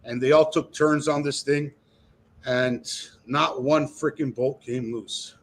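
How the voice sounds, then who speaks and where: A man's voice: medium pitch, steady tone, slow pace. A man chatting casually about a bike he restored, telling stories in a boastful, salty way. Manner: boastful storyteller, swears freely. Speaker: guest restoring dirt bikes. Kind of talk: casual chat on a live video call.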